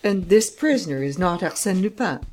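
A woman's voice: fairly low pitch, animated, normal speed, darkish tone, faint music behind, pitched above the performer's own voice, lightly acted. A woman voicing a stern, impatient male judge who fires off incredulous questions in a raised voice. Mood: exasperated.

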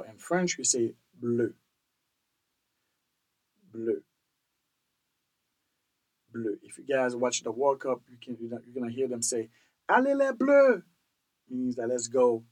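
A man hosts a casual language-lesson podcast at an unhurried pace. His pitch moves around a lot as he says each word several times. He keeps asking "all right?" to check in with the listener. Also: darkish tone, rough recording. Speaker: podcast host teaching language.

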